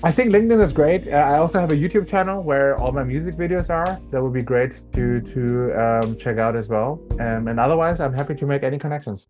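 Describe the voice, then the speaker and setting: A man with a German accent, a guest in a casual interview, speaking thoughtfully with frequent pauses and fillers. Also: mid-range voice, darkish tone, soft background music.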